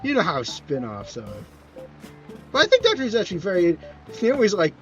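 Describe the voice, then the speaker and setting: Male streamer, casual rambling chat, animated and slightly high, dull sound with faint music. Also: fairly quick. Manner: rambling, self-correcting, answers chat questions.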